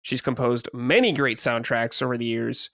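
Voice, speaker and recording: Man, podcast host, mid pitch, relaxed, reads lists, dry close mic. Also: normal speed, no room sound. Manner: easygoing, reads out lists, laughs along. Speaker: podcast host reading award results. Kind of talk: casual podcast chat.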